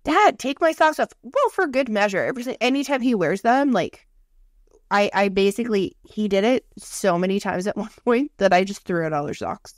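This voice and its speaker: Here a Canada-based podcast co-host in her thirties keeps up a chatty, casual conversation, full of swearing and constant "like"s. She has a medium-pitched voice with lively intonation and a slightly fast pace, captured in studio quality with no echo.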